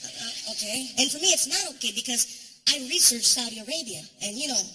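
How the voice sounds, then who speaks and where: A male comedian telling a long story on a live stage, animated and acting out the scenes. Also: fast talker, rough recording. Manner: animated, swings in pitch, acts out scenes. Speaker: stand-up comedian. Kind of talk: stand-up storytelling.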